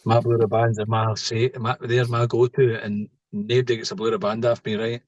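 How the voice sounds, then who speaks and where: A middle-aged Scottish man speaks as a podcast guest, spinning out a personal story in loose, rambling sentences. He keeps checking in with the listener with a quick "right?" The recording is close and dry, with no room sound. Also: fairly low pitch, little pitch movement, a little mellow, dry recording, highs cut off. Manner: rambling, tags lines with "right?". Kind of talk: casual storytelling.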